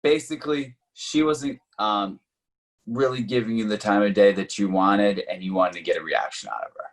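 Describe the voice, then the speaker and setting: A man's voice: lowish voice, animated, moderate pace. A man co-hosting a casual chat, briefly summing up and prompting the other speaker. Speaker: co-host.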